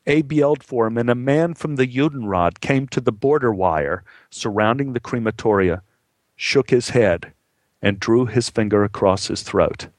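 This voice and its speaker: A man's voice: mid-range voice, moderate pace, no echo. A man telling a true story in a conversational, earnest way. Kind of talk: spoken storytelling.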